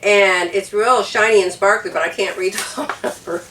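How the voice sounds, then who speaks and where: A woman's voice: medium pitch, normal speed, sharp tone, slight background noise. An older woman from the United States, teary from crying, telling a story to her viewers in a casual vlog, laughing between sentences. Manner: emotional, tearful, laughs while talking. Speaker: vlogger. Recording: echoey room, a bit far from the mic.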